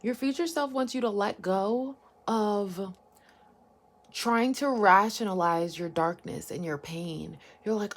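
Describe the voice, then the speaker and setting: A woman with a mid-range voice reads tarot cards for her viewers. She talks in a loose, wandering way, thinking out loud and swearing casually. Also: mid-range voice, slow. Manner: meandering, informal, musing aloud, swears casually. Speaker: tarot card reader. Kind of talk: intuitive pick-a-card reading.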